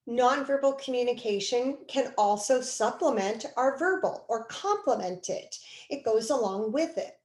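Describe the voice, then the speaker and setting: A woman instructor giving a recorded video lecture, lively and expressive, acting out quoted speech as she explains. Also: fairly high pitch, echoey room, poor audio.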